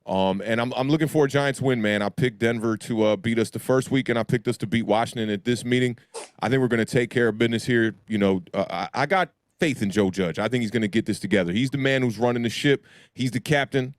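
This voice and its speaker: A man's voice: medium pitch, fast talker, no room sound, studio quality. A man from Maryland, a guest sports YouTuber on a video call, talking casually in laid-back slang.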